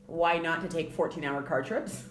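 A woman's voice: deep voice, normal speed, echoey room, soft background music. A woman co-hosting a podcast in casual chat, wry and self-deprecating, sounding tired. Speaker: podcast co-host.

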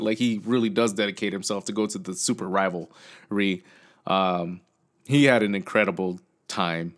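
A man's voice: mid-range voice, clear, resonant tone. A man, co-hosting a casual podcast chat and telling a long story full of fillers and restarts, acting out what people said. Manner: rambling storyteller, acts out quotes, many fillers and restarts.

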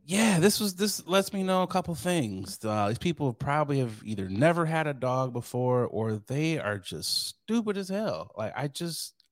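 A man's voice: on the high side, dry recording, clean studio sound. A man hosting a podcast in casual chat, laid-back and joking, often laughing. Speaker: podcast host.

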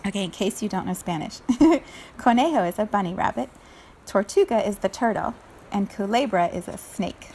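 A woman's voice: mid-range voice, moderate pace, gravelly, a little mellow, husky. Woman reading a picture book aloud, laughing. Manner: laughs often, chatty asides describing pictures. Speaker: read-aloud storyteller.

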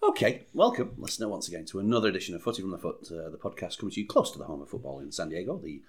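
A man's voice: sits low, sing-song, rapid-fire, husky. A man co-hosting a podcast in a bar, chatting casually and hesitantly with many fillers and restarts. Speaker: podcast co-host. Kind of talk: casual chat. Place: bar in San Diego.

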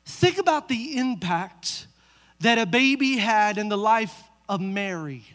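A man with a very high voice preaches from a church stage, spinning a family story and firing rhetorical questions at the pews. His voice rings out with a long hall echo. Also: fairly bright tone. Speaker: pastor. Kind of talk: sermon.

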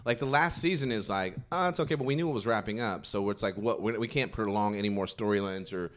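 A man co-hosting a podcast in casual chat, animated and laughing as he acts out scenes he's retelling. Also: fairly low pitch, quick pace. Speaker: podcast co-host.

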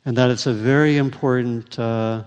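A man giving a Buddhist teaching and answering questions, speaking thoughtfully with frequent pauses and fillers. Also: medium pitch, fairly even intonation, darkish tone, smooth, lo-fi sound. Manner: thoughtful, halting, many fillers. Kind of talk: dharma talk Q&A. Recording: reverberant hall.

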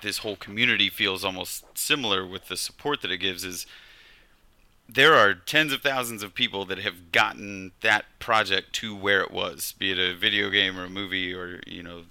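This man talks low but with a very bright, cutting edge. He rambles reflectively, restarting his thoughts as he chats. The recording is dry and close. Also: dry recording. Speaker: podcast co-host. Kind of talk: casual chat.

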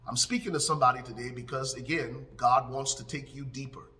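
A man preaching a sermon as pastor, emphatic, with repeated lines, swelling up and then dropping into hushed prayer. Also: medium pitch, fairly even intonation, a little fast.

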